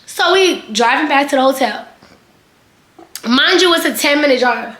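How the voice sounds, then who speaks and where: A young woman spins a casual storytime in a high, bright voice. She talks in a chatty, animated way, dropping fillers and swear words. The sound rings a little in an echoey room. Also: moderate pace, a little hiss or hum. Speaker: vlogger.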